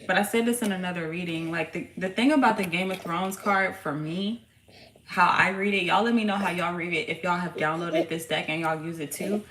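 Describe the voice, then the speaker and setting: A tarot reader and channel host gives her viewers a casual reading from a room in her home, talking in a hyped, slang-heavy, profane style while her young son is close by. She speaks fairly quickly in a lowish, steady voice with a fairly bright tone, and the recording has a roomy echo and faint noise in the background.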